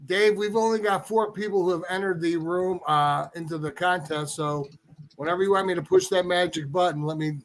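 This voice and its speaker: High-voiced talkative man hosting. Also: brisk. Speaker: podcast host. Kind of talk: casual podcast chat.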